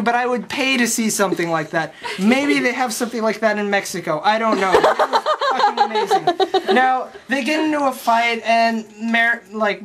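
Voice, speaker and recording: A young adult tears through a film's plot with crude, sarcastic commentary, stumbling over restarts and swearing freely. The voice sits at a middling pitch. A faint hiss and the odd click sit under the recording. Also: fairly bright tone. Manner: profane, sarcastic, rambling with quick restarts. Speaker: comedic movie recapper. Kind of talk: crude comedic plot recap. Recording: faint background noise and clicks.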